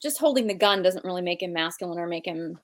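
A woman's voice: lowish voice, expressive, fast talker, a bit bright. A woman guest on a talk show, answering thoughtfully and hedging with fillers. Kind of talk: casual discussion.

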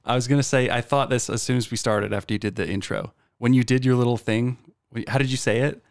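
A podcast guest with a gravelly, fry-tinged voice, talking casually in a dry, close studio. He stammers, restarts and jokes at his own expense while he chats. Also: mid-range voice, fairly even intonation, fast, no room sound. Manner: stammering, self-deprecating, restarts often. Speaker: podcast guest, meme page creator. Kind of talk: casual chat. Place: studio, in headphones. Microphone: studio mic with headphones.

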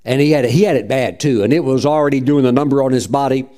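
A man's voice: mid-range voice, fast, mellow. A middle-aged man preaching a sermon as pastor, fervent, punctuating his points with "praise God" and acting out quoted voices.

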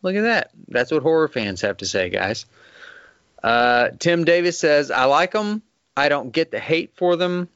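A man's voice: a little high, lively intonation, unhurried, a bit bright, clear, resonant tone, no room sound. A man with a Texas accent hosting a podcast, chatting casually, laughing often and swearing freely. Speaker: podcast host. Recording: dull lo-fi sound.

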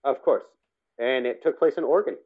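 A man co-hosting a casual film podcast, relaxed and jokey. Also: medium pitch, a little fast. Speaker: podcast co-host. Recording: tinny phone-like line.

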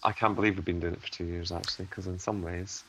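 A man co-hosting a relaxed podcast, easygoing and fond of teasing. His voice sits fairly low but has a bright tone. A faint background noise runs under the recording. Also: fast, poor audio. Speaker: podcast co-host. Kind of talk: casual chat.

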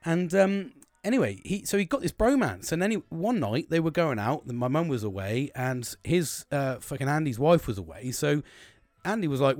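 British man, forties, rambling storyteller with a very lively pitch that swings high and low, constant swearing, dry close recording. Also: normal speed, no room sound. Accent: British English. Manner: rambling, heavy swearing, laughing asides. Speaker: podcast host. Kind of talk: casual storytelling.

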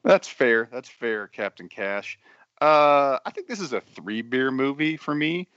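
A man's voice: medium pitch, animated, measured pace, fairly bright tone, dry recording. A man co-hosting a movie podcast, laid-back and joking in casual chat. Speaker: podcast co-host. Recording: dry dull lo-fi sound.

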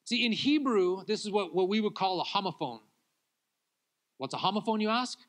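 Bright-voiced man preaching a sermon. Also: high-pitched, lively intonation, normal speed. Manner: swings between loud acted-out pleas and quiet confiding talk, laughs often. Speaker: pastor.

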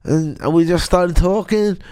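A middle-aged man being interviewed, speaking haltingly, repeating himself and swinging between mumbling and loud. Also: high-pitched, clear, resonant tone, dry recording. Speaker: guest. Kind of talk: casual interview.

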